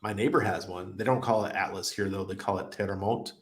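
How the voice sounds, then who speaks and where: Low, steady, and brisk, the voice belongs to a middle-aged man casually hosting a crypto livestream. He goes through viewer comments and rambling anecdotes with plenty of laughs, all in a roomy echo.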